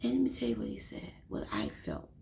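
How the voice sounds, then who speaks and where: A woman's voice: fairly high pitch, huge pitch swings, quick pace, creaky, a little mellow, reverberant, a little hiss or hum, poor audio. A woman telling a devotional story in an emotional, repetitive way, now and then dropping into a whisper. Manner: emotional, repeats herself, drops into whispers.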